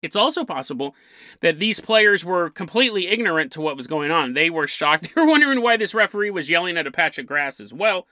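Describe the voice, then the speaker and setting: A man's voice: fairly high pitch, very animated, brisk, bright, forceful tone, no echo. A man hosting a paranormal podcast, telling a story with lots of energy and chuckling mid-sentence. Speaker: podcast host.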